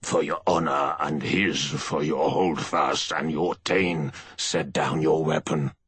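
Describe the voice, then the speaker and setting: A male audiobook narrator voicing a proud male warrior with a rasping voice. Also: a bass voice, steady tone, slow pace, a bit bright, no echo, exaggerated voice. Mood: urgent. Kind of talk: audiobook character voice.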